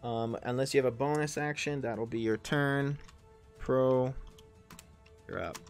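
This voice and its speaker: A man in his thirties narrates a tabletop game, stumbling through ums and restarts and tossing in casual curses. His pitch sits in a middling range, and faint music plays softly in the background. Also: a little slow, clean tone. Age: 30s. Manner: rambling, full of ums and self-corrections, swears casually. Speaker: game master and player.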